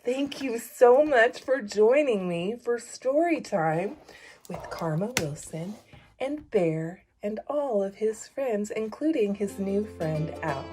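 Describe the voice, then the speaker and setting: A woman reading a picture book aloud for story time, in a slow, expressive storytelling manner. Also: medium pitch, faint music behind. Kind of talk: children's read-aloud.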